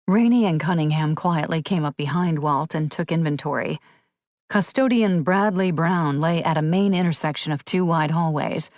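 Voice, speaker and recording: Woman narrator, thriller audiobook, lowish voice, dry close recording. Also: normal speed, darkish tone, no room sound.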